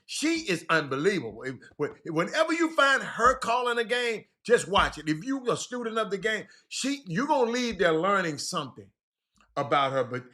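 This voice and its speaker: A man's voice: high-pitched, very animated, moderate pace, bright, forceful tone. A man hosting a casual livestream, talking to viewers in a loose, stop-start way with lots of repeats and slang. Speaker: livestream host. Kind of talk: casual rambling chat to viewers.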